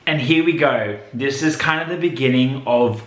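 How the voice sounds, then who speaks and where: A man giving casual rewatch commentary on a series, chatty and given to excited outbursts. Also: normal speed. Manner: chatty, breaks into excited high outbursts and laughs. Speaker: show reviewer. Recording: echoey room with faint noise.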